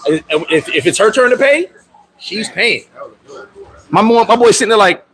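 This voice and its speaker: Guy with a pretty high voice on a livestream, swearing a lot, getting loud telling stories, reading out chat. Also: moderate pace, breathy edge, rough recording. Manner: profane, animated storytelling, loud outbursts; reads and answers viewer comments. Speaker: livestream host.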